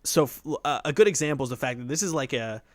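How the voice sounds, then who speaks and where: A man's voice: mid-range voice, animated, quick pace. Young guy rambling on a podcast, lots of likes and swearing. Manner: rambling, lots of fillers, swearing, puts on goofy voices. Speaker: podcast co-host. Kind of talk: casual chat.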